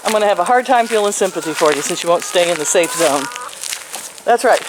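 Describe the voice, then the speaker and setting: A woman's voice: fairly low pitch, expressive, fast talker, background noise. An older woman chatting outdoors to her chickens and rabbits, cooing in sing-song baby talk and laughing often. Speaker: vlogger. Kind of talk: casual chat to pets.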